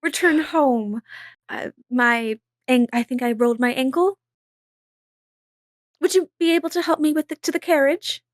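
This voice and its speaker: A woman voicing a coy, scheming young debutante with prim, sweetly theatrical high-society manners. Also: normal speed, pauses often, dry recording, studio quality, natural voice.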